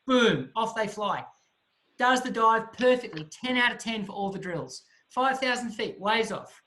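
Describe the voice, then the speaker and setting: A man giving a motivational talk, telling a story in an animated way with vivid sound effects. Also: sits high, moderate pace, poor audio. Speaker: motivational speaker.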